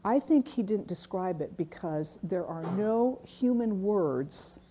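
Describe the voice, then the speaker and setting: A woman teaching a Bible class in a warm, mellow voice. She talks earnestly and leans on repetition, saying key lines twice for emphasis. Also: mid-range voice, lively intonation, takes it slowly, a little hiss or hum. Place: church classroom.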